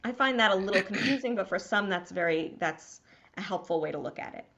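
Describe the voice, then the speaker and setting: A woman's voice: medium pitch, lively intonation, fairly quick, fairly bright tone, muffled recording. A woman rabbi teaching a small class to read Hebrew, patient and encouraging.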